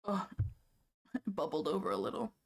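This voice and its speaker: A woman livestreaming from home, chatting casually and playfully with her viewers, easily sidetracked and quick to laugh. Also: mid-range voice, creaky. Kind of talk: casual chat with live viewers.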